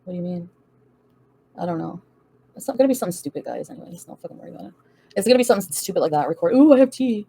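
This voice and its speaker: A woman's voice: on the low side, lively intonation, rapid-fire, gravelly, long pauses, warm tone, breathy edge. A woman hosting a casual livestream, reading out and answering viewer comments in a blunt, profane, defiant way, laughing often. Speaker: livestream host answering chat.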